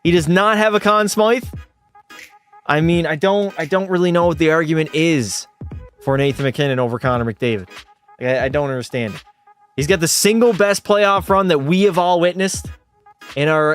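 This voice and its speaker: Young male streamer, slightly buzzed, high-ish voice, profane and argumentative with chat. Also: normal speed, fairly bright tone, smooth, faint music behind. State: tipsy from beer. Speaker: game streamer. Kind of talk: casual live-stream chat.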